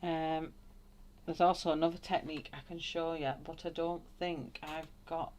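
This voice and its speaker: Low-voiced woman chatting through a colouring demo. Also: little pitch movement, moderate pace, a little mellow. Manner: thinks aloud, greets chat viewers, laughs often. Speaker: colouring tutorial host. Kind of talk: live colouring demonstration, chatty.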